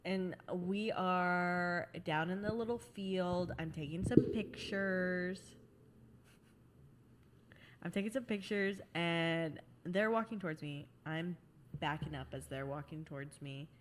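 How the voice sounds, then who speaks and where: A woman's voice: lowish voice, takes it slowly, noisy background. A woman, a podcast host and wedding photographer, telling a story in a laid-back, casual chat. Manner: laid-back anecdotal delivery.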